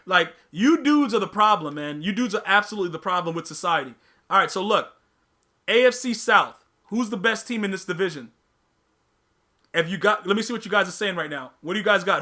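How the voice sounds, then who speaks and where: A man with a high, sharp-toned voice hosts a live podcast stream, chatting casually with his viewers. He uses slang, repeats himself, and teases the chat.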